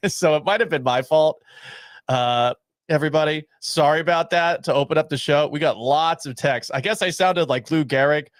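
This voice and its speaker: A man's voice: a little high, moderate pace. A man hosting sports talk radio, reading listener texts and giving blunt, sarcastic takes with self-mocking laughs, at a studio microphone. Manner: opinionated, sarcastic, laughs at himself. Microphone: studio microphone at a mixing board.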